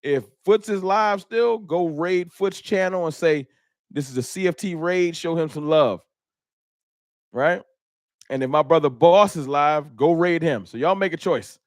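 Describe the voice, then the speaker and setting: A man's voice: on the high side, a little slow, dry recording, clean studio sound. A man hosting a fan live stream, chatting casually and animatedly, joking and laughing at his own bits.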